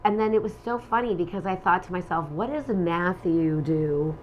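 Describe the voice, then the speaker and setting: A middle-aged woman co-hosting a relationship talk show, telling personal stories with animated energy and acting out the lines she quotes. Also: fairly low pitch, normal speed, muffled recording. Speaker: relationship podcast co-host. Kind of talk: casual chat.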